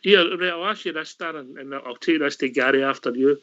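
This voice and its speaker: Matey radio host. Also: male voice, on the high side, fairly bright tone. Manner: brisk, matey, steering the talk. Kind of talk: casual radio call-in hosting. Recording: slightly dull lo-fi audio.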